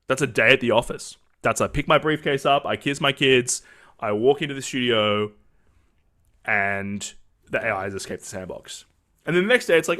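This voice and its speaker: A man's voice: mid-range voice, sharp tone. A man with an Australian accent hosting a podcast in a casual, upbeat and joking way, rambling between topics. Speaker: podcast host. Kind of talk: casual show hosting with sponsor reads.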